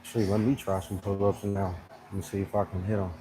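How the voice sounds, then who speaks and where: A man's voice: deep voice, flat delivery, quick pace. A man vlogging at a gym in casual chat, rambling and laughing as he tells a story. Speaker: fitness vlogger. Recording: noisy background.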